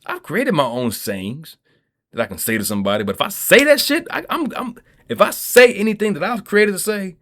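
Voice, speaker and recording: Man, lively swooping voice, rambling vlog rant, profane, streetwise. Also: mid-range voice. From Kentucky. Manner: streetwise, profane, keeps asking "you feel me". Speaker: vlogger.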